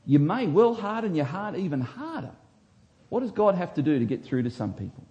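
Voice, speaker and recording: A man, a pastor, preaching a sermon with emphatic delivery that swings from hushed to loud. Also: sits high, sing-song, a little fast, dull audio.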